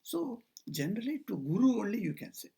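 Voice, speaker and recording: Older male monk speaker, high husky voice, story-led spiritual talk, acts out the dialogue. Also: big pitch swings, a little fast, warm tone. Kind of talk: informal spiritual talk with stories. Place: talk at a society house, indoors.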